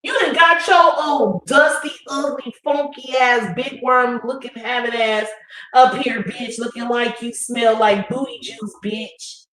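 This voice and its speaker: High bright brash woman, echoey room. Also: fairly even intonation, unhurried. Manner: brash, profane, hypes her co-host. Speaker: livestream co-host. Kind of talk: casual livestream chat.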